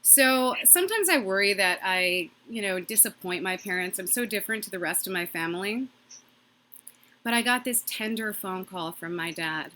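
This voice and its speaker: A woman doing a stand-up comedy set from her own microphone on a video call, delivering quick, punchy jokes and laughing at her own lines. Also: mid-range voice, expressive, pushed and bright. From Massachusetts.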